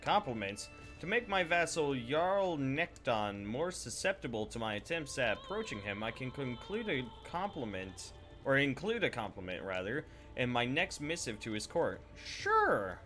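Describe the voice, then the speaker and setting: A young man streaming a game, his voice bright and bouncy as he rambles through casual commentary. He swears freely and chats with viewers, and faint game music plays underneath. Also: mid-range voice, very animated, moderate pace. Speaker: Twitch streamer. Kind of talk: casual live gameplay commentary.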